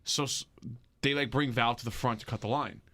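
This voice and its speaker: A man's voice: mid-range voice, brisk, a little hiss or hum. A man co-hosting a casual podcast, telling rambling stories with lots of restarts and swearing. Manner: rambling, animated storytelling with many restarts and swearing. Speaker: podcast co-host. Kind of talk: casual chat.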